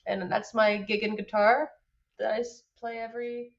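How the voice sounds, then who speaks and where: A woman's voice: a little high, little pitch movement, moderate pace, gravelly, lo-fi sound. A woman from France chatting playfully as a musician guest in an interview, joking and laughing easily. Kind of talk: casual interview chat.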